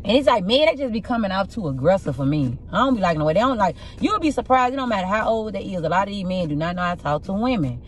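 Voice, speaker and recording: Rough-voiced woman telling blunt stories. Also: medium pitch, quick pace, few pauses, a little hiss or hum. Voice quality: rough, husky voice. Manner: blunt, profane, animated storytelling. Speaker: tarot reader. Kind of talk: casual tarot reading with storytelling.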